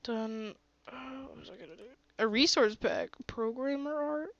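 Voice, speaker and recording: A woman's voice: a little high, moderate pace, no echo, muffled recording. A woman streaming a game with a sore throat, chatty and often gasping and exclaiming. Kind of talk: casual gaming commentary.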